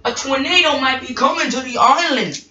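Lady doing a worried engine guy, high and urgent, bright voice, lo-fi sound. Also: fairly quick. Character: urgent male engine spreading a warning.

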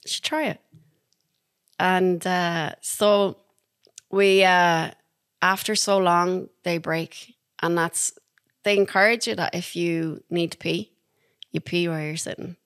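This is an Irish woman in casual conversation on a podcast, recounting experiences in a lively, chatty way. Her voice sits somewhat low for a woman. The sound is close and dry, with no room echo. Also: slow, long pauses, clean tone. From Ireland. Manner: chatty and animated, laughing through anecdotes. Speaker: podcast guest. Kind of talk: casual storytelling.

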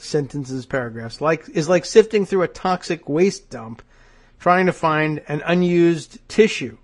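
A man with a blocked nose hosts a political talk show, his voice sitting slightly higher than most men's. He reads quotes aloud and pauses to pick them apart. His tone stays sardonic and wry. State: stuffed nose. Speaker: podcast host. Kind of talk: political commentary.

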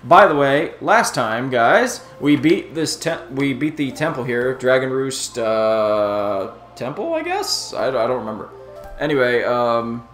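A man's voice: medium pitch, big pitch swings, fairly bright tone, roomy sound, soft background music. A man hosting a let's play, chatting casually and rambling between laughs. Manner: laid-back, rambling, quick to laugh. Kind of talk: casual gameplay chat.

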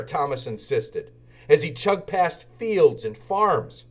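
A man reading a children's storybook aloud, with expressive, animated narration. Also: on the high side, slow. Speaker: children's book reader.

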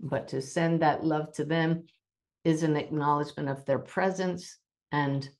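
A woman with a low, settled voice hosting a spiritual podcast and answering listener questions. She talks in a gentle, reassuring way. At times she deliberately slows to a measured pace. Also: fairly even intonation. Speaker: podcast host and medium.

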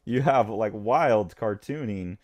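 A man's voice: fairly low pitch, a little mellow. A man co-hosting a comics podcast in casual chat, enthusiastic and acting out characters' lines. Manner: enthusiastic, acts out characters' lines in quick bursts.

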